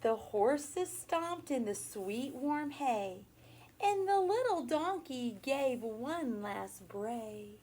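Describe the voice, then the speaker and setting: A woman's voice: high voice, sing-song, a little mellow, a little hiss or hum. A woman teacher reading a picture book aloud to young children, stopping to ask questions and make animal noises. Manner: slow, sing-song storytelling with questions and animal noises.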